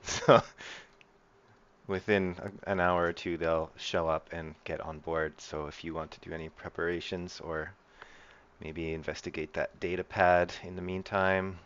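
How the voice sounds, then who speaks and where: A man acts as game master for an online tabletop game, guiding the players in an easy, laid-back way. His voice is low and deep, and the voice chat makes it sound muffled. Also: level tone, measured pace, a bit bright.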